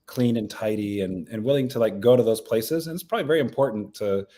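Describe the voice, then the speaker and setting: A man's voice: fairly low pitch, fast talker, mellow. A man co-hosting a podcast in casual chat, answering with wry jokes and quips. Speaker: podcast co-host.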